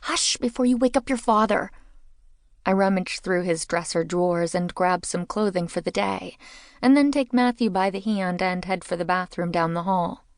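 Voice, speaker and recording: A woman's voice: on the low side, steady tone, moderate pace, a little mellow, dry recording, clean studio sound. A woman narrating a mystery audiobook in the first person, with a wry, conversational telling.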